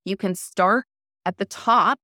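A woman guest on a podcast interview, explaining a method in a calm, measured, coaching tone. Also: mid-range voice, no room sound, clean studio sound. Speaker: guest, cold immersion method founder.

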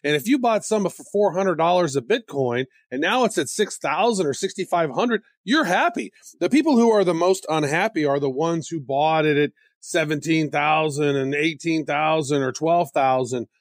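A man co-hosting a podcast in casual chat, excitable and given to jumping into high squeals when joking. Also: normal speed, few pauses, no echo, studio quality. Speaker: podcast co-host.

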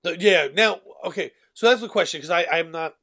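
A man's voice: on the high side, a little fast, sharp tone. A man from New York co-hosting a casual podcast chat, laughing easily and agreeing often. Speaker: podcast co-host.

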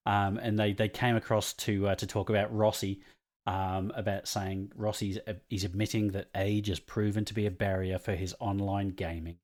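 A man's voice: on the low side, little pitch movement, moderate pace, darkish tone. A man co-hosting a podcast, chatting casually and laughing easily. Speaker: podcast co-host. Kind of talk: casual chat.

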